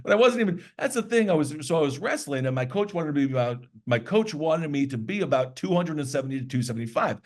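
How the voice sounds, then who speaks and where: A man's voice: a little high, animated, fast, few pauses. A man guesting on a podcast, chatting in an easygoing, self-deprecating, joking way. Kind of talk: casual chat.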